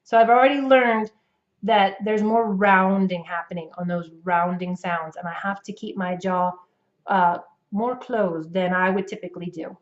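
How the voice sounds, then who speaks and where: A woman's voice: mid-range voice, steady tone, moderate pace. Accent coach, woman, North American English, patient demonstrative delivery, slightly dull recording. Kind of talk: instructional explanation to camera.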